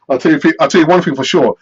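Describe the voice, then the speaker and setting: A man hosting a live football fan stream, chatty and animated as he answers viewer messages. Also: on the high side, husky, lo-fi sound. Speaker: football fan channel host.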